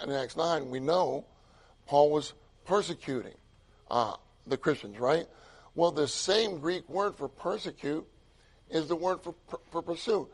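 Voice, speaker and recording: An older man preaching a sermon, excitable and repetitive, swinging from loud emphatic lines to hushed asides. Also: on the high side.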